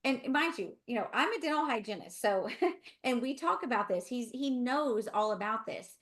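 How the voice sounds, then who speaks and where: A woman's voice: fairly high pitch, animated, normal speed, fairly bright tone. A middle-aged woman with a Southern US accent, a dental hygienist co-hosting a webinar, telling a story in a chatty, rambling way with asides.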